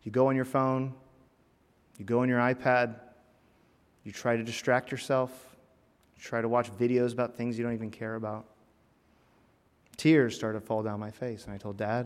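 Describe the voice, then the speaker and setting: A man preaching a personal sermon in a church, earnest, rising to emphatic lines and dropping to hushed, heavy phrases. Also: mid-range voice, steady tone, normal speed, long pauses. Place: church sanctuary. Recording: long reverb of a church hall.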